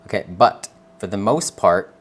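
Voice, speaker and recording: A man giving a live tarot reading to viewers. He speaks in a gentle, earnest, reassuring way, calls the listener honey, and keeps checking in with "okay?". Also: lowish voice, animated, measured pace. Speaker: tarot reader.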